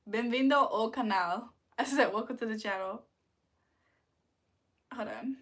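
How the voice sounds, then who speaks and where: Slow-talking woman hosting a livestream. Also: on the high side. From United States. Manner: laughs often, answers viewers playfully. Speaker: livestream host. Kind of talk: casual livestream chat reading comments.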